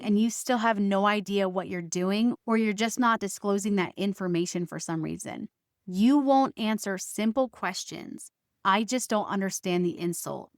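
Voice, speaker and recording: A woman's voice: mid-range voice, no room sound, clean studio sound. A woman podcast host telling a personal family story as a monologue, recounting arguments by quoting both sides with emphatic stresses.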